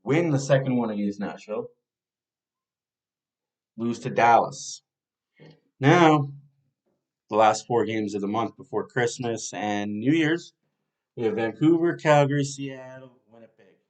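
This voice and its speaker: A man's voice: mid-range voice, unhurried, pauses often. Man casually previewing a hockey schedule. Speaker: fan podcast host.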